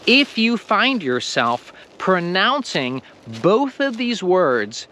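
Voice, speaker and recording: A man with an American accent teaching English pronunciation in a video lesson, slow and emphatic, stressing the ends of words. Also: sits high, big pitch swings, bright, forceful tone, a little hiss or hum.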